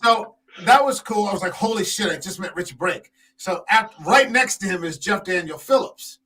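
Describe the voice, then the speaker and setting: Bright, high-voiced man telling con stories. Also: normal speed, poor audio. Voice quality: tall man, six foot five. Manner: profane, animated anecdote-telling with many fillers. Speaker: podcast co-host. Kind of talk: casual storytelling chat.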